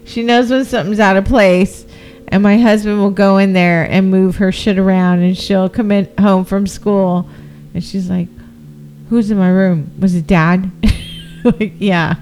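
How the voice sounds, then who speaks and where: A woman's voice: mid-range voice, fairly even intonation, measured pace, a little mellow, low-quality recording. A woman chatting casually while watching a movie, making joking, profane comments. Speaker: movie reaction co-host. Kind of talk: casual watch-along chat.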